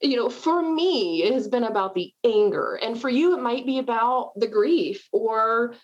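Woman, middle-aged, husky edge, muffled remote audio, chatty. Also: a little high, normal speed. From American South. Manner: chatty, animated, self-deprecating with frequent laughs. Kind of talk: casual conversation. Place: at home.

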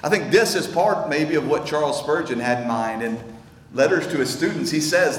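A male pastor with a fairly high, expressive voice preaches an earnest, intense sermon at normal speed, often stammering and repeating words as he builds. He is in a church sanctuary, and the recording sounds like an echoey hall with faint ambience.

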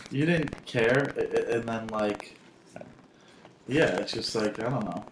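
A man's voice: on the low side, unhurried. A man in his thirties from South Florida, a stand-up comic chatting as a podcast guest, rambling with lots of fillers and restarts. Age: 30s. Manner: rambling, filler-heavy, self-interrupting. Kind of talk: casual conversation. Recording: echoey, noisy amateur podcast audio.

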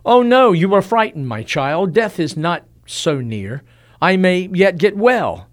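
A man's voice: sits high, sing-song, unhurried, voice pushed up. Male narrator doing a dying old general: raised voice, tender or feverishly urgent. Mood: reassuring.

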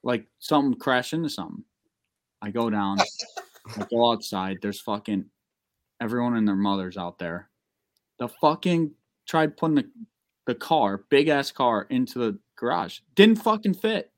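A young man telling a long, profane, excitable story in a casual podcast chat. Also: mid-range voice, a little slow. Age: young adult.

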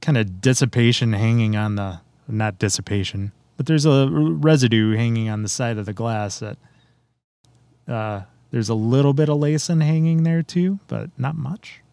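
A man's voice: medium pitch, normal speed, gravelly, mellow, no room sound. A man casually chatting through a beer tasting, describing it in detail and laughing often. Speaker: beer reviewer.

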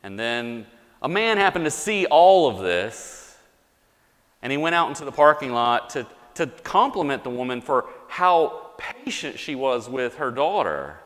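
A male pastor preaching a sermon in a measured, deliberate way, reading scripture and telling a story. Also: mid-range voice, very animated, fairly bright tone. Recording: long reverb of a large hall.

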